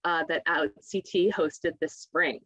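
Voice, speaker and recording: A woman's voice: low-pitched, steady tone, a little slow, fairly bright tone, slightly rough, poor audio. A woman hosting a local TV health program, upbeat and encouraging as she interviews her guest. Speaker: TV show host. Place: local TV studio.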